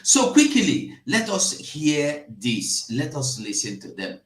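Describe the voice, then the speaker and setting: Slow, emphatic Nigerian man streaming. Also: mid-range voice, expressive, reverberant. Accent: Nigerian Pidgin English. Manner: emphatic and repetitive, swinging between loud outbursts and hushed asides. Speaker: live-stream host. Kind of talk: casual live-stream commentary.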